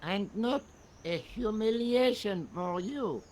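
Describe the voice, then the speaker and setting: Game casting: slow, high, lilting French cop who can't be bothered. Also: male voice, lively intonation, darkish tone, slight background noise. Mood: languid. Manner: languid, unbothered, drawling. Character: lazy, amused French male police officer.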